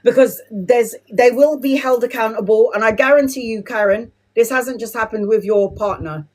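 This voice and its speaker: A woman's voice: on the high side, moderate pace. A woman giving a live tarot reading, blunt and emotional, swearing freely and calling viewers "my love" and "sweetheart". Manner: addresses viewers with endearments. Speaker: tarot reader.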